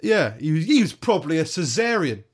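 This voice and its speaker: A man's voice: fairly high pitch, very animated, fairly quick, breathy edge. A man co-hosting a podcast, trading scornful, rambling jokes in casual banter. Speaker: podcast co-host.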